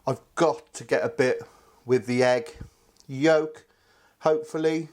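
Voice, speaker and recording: A man's voice: medium pitch, steady tone, unhurried, a little mellow. A man hosting a casual cooking video, chatty and enthusiastic, talking to viewers as his friends. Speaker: cooking channel host.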